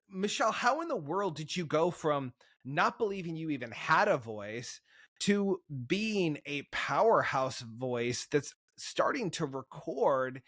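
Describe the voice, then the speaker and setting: A man's voice: on the high side, fairly bright tone. A man hosting an interview who asks his guest questions with enthusiasm and repeats words as he starts his sentences. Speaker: host.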